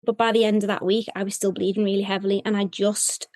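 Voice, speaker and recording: A woman's voice: mid-range voice, little pitch movement, fast, a little mellow, no room sound. Woman, thirties, candid emotional storytelling, plenty of fillers, dry close sound. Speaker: guest sharing her fertility story. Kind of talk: personal storytelling.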